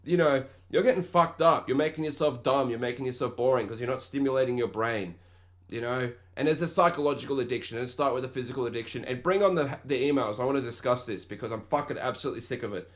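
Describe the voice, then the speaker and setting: A man's voice: mid-range voice, quick pace. A young Australian man hosting a podcast, telling a story in a rambling, profane rant and mocking the people he quotes. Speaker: podcast host. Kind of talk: casual ranting monologue.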